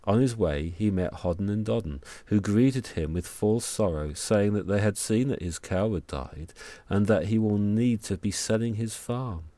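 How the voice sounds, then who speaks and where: A man narrating a folk tale in a measured storytelling manner. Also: lowish voice, dark tone, dry recording.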